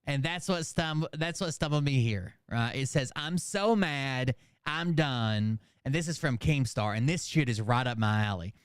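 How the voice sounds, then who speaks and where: A man's voice: mid-range voice, normal speed, few pauses, dry recording, clean studio sound. A man hosting a casual reaction commentary show, talking in a rambling, profane, sarcastic way. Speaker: commentary channel host.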